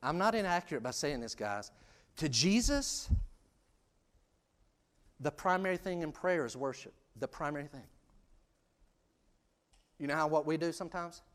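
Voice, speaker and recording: A man preaching a sermon in a conversational, self-deprecating way, dropping to hushed asides and rising to loud, emphatic peaks. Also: on the high side, animated, moderate pace, long pauses. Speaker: pastor.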